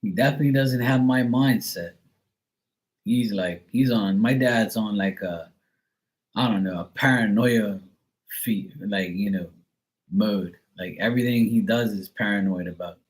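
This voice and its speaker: A man's voice: fairly low pitch, unhurried, low-quality recording. Rambling sarcastic man chatting live. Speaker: live stream host reading chat. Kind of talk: casual chat.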